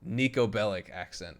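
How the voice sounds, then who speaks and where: Chatty young man streaming games. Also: fairly low pitch. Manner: chatty, laughs often, banters with chat. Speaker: gaming streamer. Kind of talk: casual live-stream chat.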